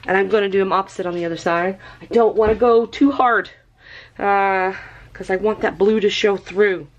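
A woman chatting her way through a tie-dye tutorial, thinking aloud and getting excited. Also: mid-range voice, moderate pace, dull audio. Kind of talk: casual craft tutorial.

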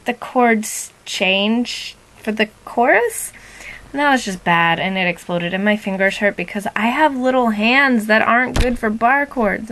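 A young woman making a chatty, rambling video diary for her boyfriend, excitable and fond. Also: mid-range voice, rough recording. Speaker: vlogger. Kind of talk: casual video diary to a partner.

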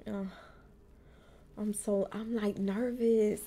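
A woman's voice: mid-range voice, fairly even intonation, takes it slowly, vocal fry, mellow, a little hiss or hum. A woman talking casually to her camera in a vlog, chatty and often sighing or dropping to a whisper. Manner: chatty, keeps saying "y'all", sighs and nervous whispers. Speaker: vlogger.

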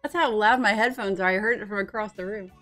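A woman's voice: mid-range voice, quick pace, fairly bright tone. A young woman streaming live, chatting casually and greeting viewers by name, bubbly and giggly. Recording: with faint music behind.

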